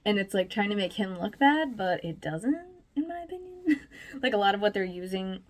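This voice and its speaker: A woman's voice: medium pitch, lively intonation, fairly quick. A woman vlogger giving casual, chatty commentary, full of fillers and little laughs.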